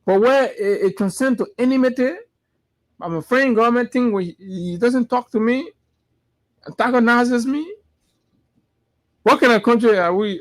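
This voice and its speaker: A man with a Liberian English accent delivers fervent political commentary as a morning show host. His voice sits high for a man. He keeps hammering his points home by repeating phrases. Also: normal speed, long pauses. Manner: preachy, repeats phrases for emphasis.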